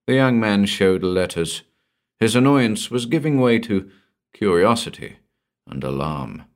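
A man's voice: on the low side, animated, unhurried. A man narrating a pulp crime story aloud in a tense, dramatic reading.

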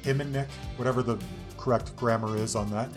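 Forties male host; chatty, rambling, mid-pitched, quick to laugh. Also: steady tone, soft background music. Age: 40s. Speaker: podcast host. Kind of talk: casual chat.

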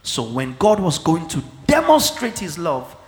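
A male pastor, preaching a teaching sermon in a slow, emphatic way and often checking that listeners follow. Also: a little high, very animated. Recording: echoey hall with long reverb.

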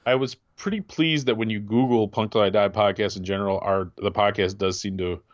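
A man's voice: fairly low pitch, fairly even intonation, a little fast, no echo, dull audio. A man in his forties co-hosting a podcast, rambling and chatty, often trailing off and restarting. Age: 40s. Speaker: podcast co-host. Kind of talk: casual chat.

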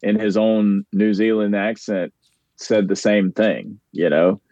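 A man with a low, warm, mellow voice talks loosely as a podcast guest, drifting through stories about fellow wrestlers. The sound is dry and slightly dull, like a lo-fi remote recording. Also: fairly even intonation, slow pace, no echo. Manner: rambling, laughs easily, name-drops peers. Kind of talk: casual podcast chat.

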